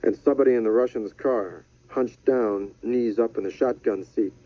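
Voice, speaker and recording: A man narrating a thriller audiobook in a measured, deadpan manner. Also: medium pitch, dry recording. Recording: dry, slightly dull studio audio.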